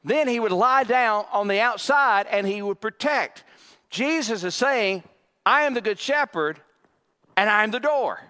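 High-voiced emphatic preacher in a big hall. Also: male voice, lively intonation, pushed and bright, clean tone. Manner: emphatic preaching with dramatic pauses and dry asides. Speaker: pastor. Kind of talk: sermon. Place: church sanctuary. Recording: long reverb of a large hall.

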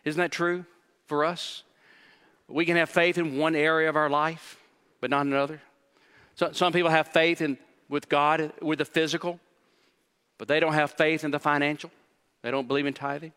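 Bright-voiced male preacher in a hall. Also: fairly high pitch, little pitch movement, normal speed, long pauses, clean tone. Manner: emphatic preaching, rising in intensity, repeats key phrases. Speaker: pastor. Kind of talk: sermon. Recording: reverberant hall.

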